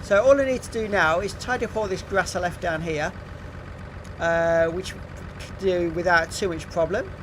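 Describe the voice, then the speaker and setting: English man, middle-aged, high-pitched, chatty live-stream talk, faint engine hum behind. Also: normal speed, a bit bright. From England. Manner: chatty, reads out viewer comments, frequent ums and uhs. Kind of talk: casual live-stream chat.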